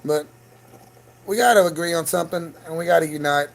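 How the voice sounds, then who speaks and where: High, gravelly-voiced man ranting on a livestream. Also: brisk, low-quality recording. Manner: profane, agitated, rambling. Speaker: livestream host. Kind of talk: casual livestream rant. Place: home.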